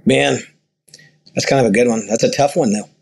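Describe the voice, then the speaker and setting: A ranch owner in an interview, talking earnestly and rambling through stories with quoted dialogue. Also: male voice, medium pitch, fairly quick, gravelly, husky. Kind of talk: conversational interview storytelling.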